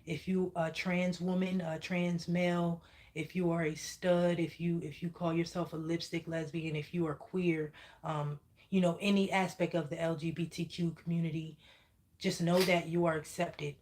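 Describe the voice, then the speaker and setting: A woman's voice: on the low side, flat delivery, moderate pace, a little mellow. Emphatic woman giving a psychic reading. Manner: emphatic, repeatedly asks "okay?", swears when heated. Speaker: spiritual reader channeling messages.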